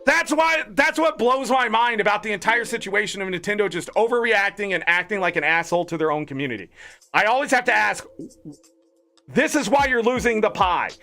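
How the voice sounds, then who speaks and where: A man streaming games, ranting in casual chat with animated, indignant talk. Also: high-pitched, brisk, faint music behind. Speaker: gaming streamer.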